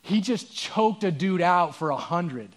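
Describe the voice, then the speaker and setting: A pastor preaching a sermon, telling a story in an earnest, conversational way. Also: male voice, high voice, animated, unhurried.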